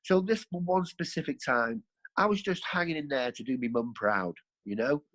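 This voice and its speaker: A man's voice: medium pitch, expressive, normal speed, a bit bright, low-quality recording. A man, a podcast guest, telling his life story in a rambling, earthy way, correcting himself as he goes. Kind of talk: candid storytelling.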